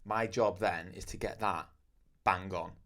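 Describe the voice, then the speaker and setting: A man hosting a casual chat, relaxed and asking his guest questions. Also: deep voice, unhurried. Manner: relaxed, conversational, asks questions. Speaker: host, tattoo artist.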